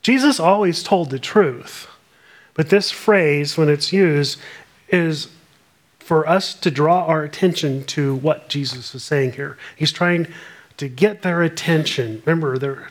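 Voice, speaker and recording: Guy preaching a sermon, voice a bit on the high side, earnest, reads verses out loud. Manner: earnest expository preaching, reads scripture aloud. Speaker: pastor.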